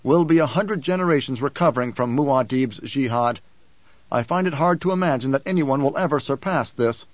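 A male audiobook reader voicing a grave, weary male emperor who speaks calmly with dry irony. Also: mid-range voice, dry recording, muffled recording, natural voice. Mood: grave, ironic. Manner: calm, measured, dry irony. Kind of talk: audiobook character voice.

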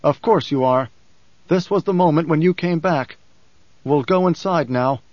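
A man's voice: a little high, moderate pace, dry recording, natural voice. A man reading a grave young ruler. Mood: calm. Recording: dull, dry audiobook sound.

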